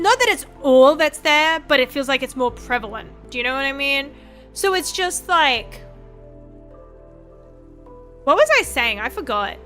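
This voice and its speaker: A young adult woman streamer chatting casually, rambling and swearing freely with frank, animated asides. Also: on the high side. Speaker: VTuber streamer.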